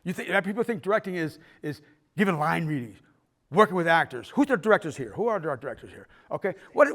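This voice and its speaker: A man's voice: fairly high pitch, sing-song, quick pace, a bit bright. An older man teaching a filmmaking class in a casual, rambling way, stumbling and restarting as he tells stories and acts out the people in them. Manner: rambling storyteller who acts out quoted people. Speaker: filmmaking instructor. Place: fine arts center hall with a class.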